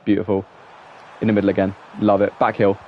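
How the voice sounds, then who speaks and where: This young man with an English accent talks quickly in a fairly low monotone, rambling and reacting to the match as he plays football on a live stream. The recording comes across dull and muffled.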